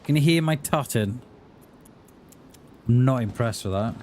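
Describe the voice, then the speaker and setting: This man streams a game and jokes around with his chat in casual, playful banter. His mid-range voice is expressive and darkish, moving at a measured pace over slight background noise.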